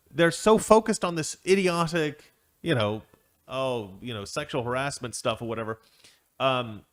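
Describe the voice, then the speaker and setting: A man's voice: fairly high pitch, fairly bright tone. A man hosting an opinion commentary segment, sarcastic and digressive, often breaking into laughter. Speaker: commentary host.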